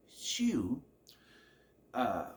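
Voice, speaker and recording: Reviewing a TV episode, a man gives a loose, rambling recap in a middle-pitched voice that swings up and down. He muses, questions the plot and himself, and frequently trails off with "I don't know." The scenes make him chuckle.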